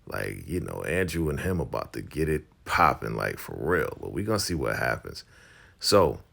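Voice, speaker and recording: A man retelling a TV episode in a casual vlog, with animated, slangy storytelling. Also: a bass voice, normal speed, gravelly. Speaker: show recap host. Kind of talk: casual show recap vlog.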